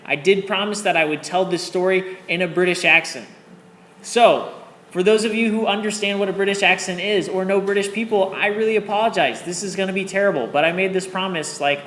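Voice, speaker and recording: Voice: mid-range voice, a bit bright. A math teacher giving a classroom lesson in an encouraging way, often checking in with students. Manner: encouraging, checks in with 'okay?' and 'all right'. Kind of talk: classroom lecture. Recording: echoey classroom, faint background noise.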